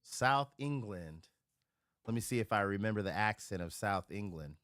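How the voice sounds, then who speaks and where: Profane, animated man ranting on a livestream. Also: moderate pace, no echo, clean studio sound. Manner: profane, rambling, animated rants; swings between loud outbursts and low mutters. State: drinking while streaming. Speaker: live streamer. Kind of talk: casual livestream chat. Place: at home near a refrigerator.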